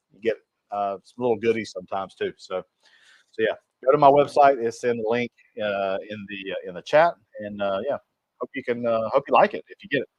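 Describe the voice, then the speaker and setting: Man, cooking stream host, low voice, rambling friendly chat, reads comments aloud, dry slightly dull audio. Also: no echo. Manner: reads viewer comments aloud and answers them; rambling and friendly, with frequent restarts. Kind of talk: casual livestream chat.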